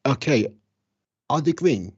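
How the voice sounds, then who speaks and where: A man co-hosting a podcast who mostly chimes in with short agreeing replies and thinks out loud during a quiz. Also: medium pitch, lively intonation, slow pace, breathy edge. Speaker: podcast co-host. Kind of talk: casual chat. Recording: dull lo-fi sound.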